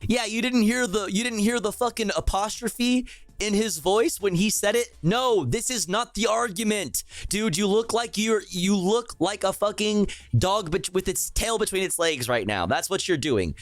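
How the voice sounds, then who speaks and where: A man's voice: sits high, moderate pace, no room sound, soft background music. Profane, exasperated young man streamer. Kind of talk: live political rant.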